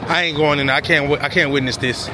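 A man hosting a casual family vlog, loud and playful, hyping up a group of kids with lots of slang while walking through a mall. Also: on the high side, steady tone, fast talker. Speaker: vlogger and dad. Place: indoors, busy shopping mall. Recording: noisy crowded mall audio. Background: crowd chatter and noise.

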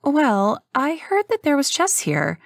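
A woman voicing a young female chess hustler who feigns being a naive, bubbly beginner in a high, breezy way. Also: huge pitch swings, takes it slowly, vocal fry, no echo, studio quality, full character voice. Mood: faux-innocent. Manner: high, breezy, faux-innocent.

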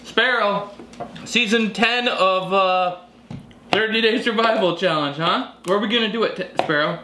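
A man's voice: high voice, moderate pace, pushed and bright, a little hiss or hum. Playful man with a roomy indoor sound. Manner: playful and teasing, laughs often. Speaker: survival vlogger and channel host. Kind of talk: casual family chat to camera. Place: family home, indoors at lunch table.

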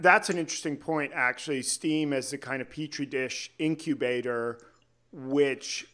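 A man's voice: mid-range voice, pushed and bright. A man hosting a podcast, chatting casually and agreeably while building on his guest's points. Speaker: podcast host.

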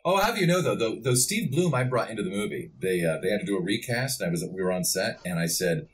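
Low-voiced man telling stories. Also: quick pace. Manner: rambling, animated storytelling with many restarts. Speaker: voice actor guest. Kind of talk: casual podcast interview.

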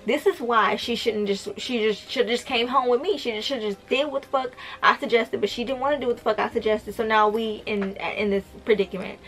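A woman's voice: a little high, brisk, few pauses, fairly bright tone. A young woman vlogger telling a storytime video, blunt and profane, talking straight to her viewers. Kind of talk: storytime vlog.

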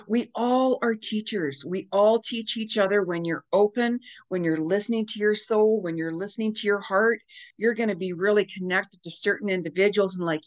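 A woman's voice: mid-range voice, moderate pace. A woman psychic medium giving a casual astrology forecast, gushing and repetitive in a spiritual tone.

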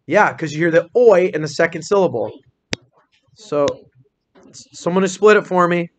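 A man's voice: sits high, dull audio. Male teacher quizzing kids on phonics. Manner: encouraging, questioning, spells words out slowly. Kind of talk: small-group phonics lesson. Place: classroom.

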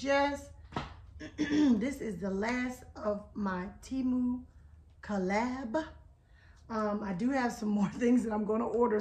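A woman hosting a casual haul video, chatty and talking straight to her viewers, her voice a little hoarse today. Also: on the high side, a little mellow. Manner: chatty, keeps addressing viewers as y'all. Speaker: haul vlog host. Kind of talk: casual product haul chat.

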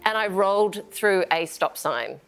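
A middle-aged woman with a New Zealand accent, an actor guest on a talk show, telling lively stories and laughing often. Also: medium pitch, unhurried, faint music behind. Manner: animated storyteller, laughs often.

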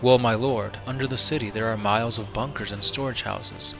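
A man's voice: lowish voice, steady tone, fairly quick, gravelly, music in the background. A man reading the part of a respectful, somewhat hesitant fleet admiral. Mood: deferential. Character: deferential male fleet admiral.

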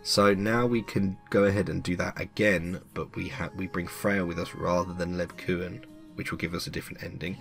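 A man's voice: low voice, fairly even intonation, moderate pace, gravelly, fairly bright tone, faint music behind. A man hosting a let's play, chatting casually and joking as he plays. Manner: chatty, joking, reads game text aloud. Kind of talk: casual gameplay commentary.

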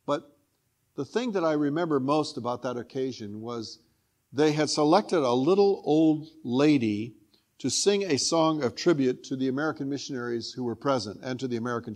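An older man, a guest preacher, telling a personal story in a sermon with earnest feeling, dropping to a hushed tone at moving points. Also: on the high side.

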